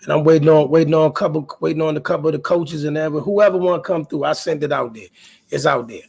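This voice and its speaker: Guy with aave doing a live boxing talk stream, kinda raspy, keeps repeating himself and talking to chat. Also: fairly high pitch, quick pace. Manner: animated, repeats himself, talks to chat viewers. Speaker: host of a boxing talk livestream.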